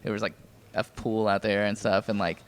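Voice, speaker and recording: A man in a band chatting casually in an interview, joking and filling gaps with "like" and "um", his voice a bit hoarse. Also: fairly low pitch, a little fast, no room sound. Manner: relaxed, joking, lots of fillers. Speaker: band member.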